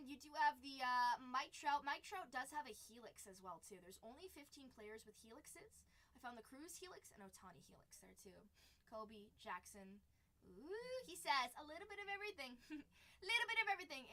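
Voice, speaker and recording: A young woman with a high, bright voice hosts a live card-break stream. She chats casually, laughing often and reading viewer comments aloud. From San Diego area.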